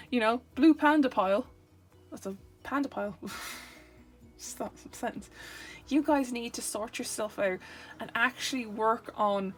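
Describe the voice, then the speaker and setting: Chatty woman doing a tarot reading. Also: a little high. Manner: chatty, playful, rambling with self-corrections. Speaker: tarot reader. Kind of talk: casual tarot reading to camera.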